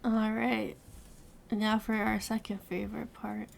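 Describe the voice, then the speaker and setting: Gravelly-voiced woman hosting a book club. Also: medium pitch, measured pace, a little hiss or hum. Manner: relaxed, explaining the rules. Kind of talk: casual chat.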